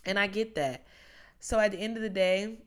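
A woman's voice: mid-range voice, normal speed, clear, resonant tone. A woman in her twenties hosting a podcast on her own, talking casually in a chatty, rambling way that drifts onto tangents. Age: 20s. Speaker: podcast host. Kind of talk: casual solo podcast monologue.

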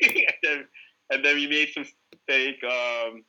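Man, podcast guest, casual storytelling, rambling and profane, very bright tense voice. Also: medium pitch, fairly even intonation, unhurried, muffled recording, a little hiss or hum. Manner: rambling, profane, heavy use of filler "like".

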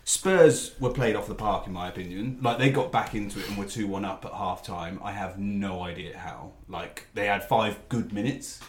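A man co-hosting a casual football podcast, chatty and quick to laugh. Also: fairly low pitch. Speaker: podcast co-host. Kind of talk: casual chat. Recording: roomy echo.

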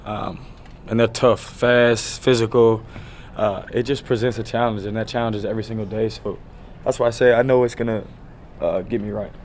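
A man in his thirties, a pro football player, answering reporters at a press conference in a loose, relaxed way, full of "you know" fillers. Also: on the low side, normal speed, a little hiss or hum.

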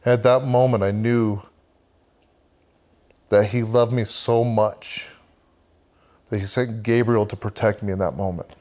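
A man's voice: on the low side, steady tone, measured pace, pauses often, darkish tone. A man, guest on a podcast, earnestly telling a vivid personal faith story and talking about leading a men's church group.

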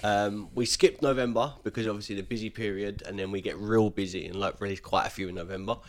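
A man's voice: fairly low pitch, fairly even intonation, fast. Rambling man co-hosting a podcast. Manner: rambling, many ums and restarts. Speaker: podcast co-host. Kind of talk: casual chat.

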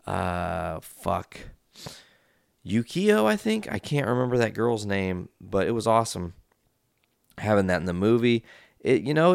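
Low gravelly man recapping a movie. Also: no room sound, clean studio sound. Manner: rambling, swears freely, lots of fillers. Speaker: movie reviewer.

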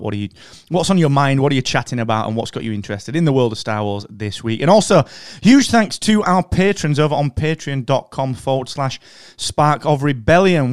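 The voice of a man hosting a podcast in a relaxed, jokey way, full of upbeat asides. His pitch sits mid-range, and the sound is dry and close-miked. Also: clear, resonant tone, no room sound. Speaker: podcast host. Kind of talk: casual podcast chat.

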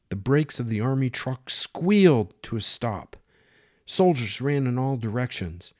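A man narrating a dramatic story in steady, plain reading. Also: medium pitch, no echo, clean studio sound.

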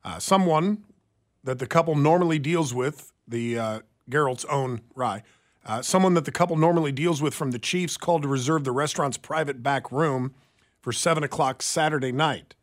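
A male radio co-host with a somewhat high voice talks in casual, opinionated banter. He often stumbles and restarts mid-sentence. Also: normal speed. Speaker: radio talk show co-host.

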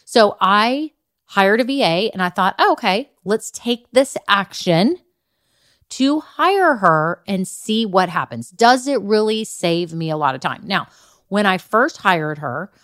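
A woman's voice: mid-range voice, fairly bright tone, no room sound, clean studio sound. A woman hosting a solo business podcast, chatty and upbeat, who calls her own way of talking old-school Valley girl and keeps checking in with the listener. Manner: chatty, upbeat, talks straight to the listener with "okay" and "right". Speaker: podcast host and business coach.

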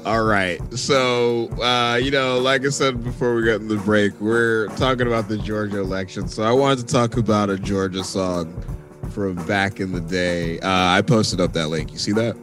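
Chill podcast host guy, kinda low voice, lots of uh and like. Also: steady tone, normal speed, fairly bright tone, soft background music. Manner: laid-back, playful, many fillers. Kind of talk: casual chat.

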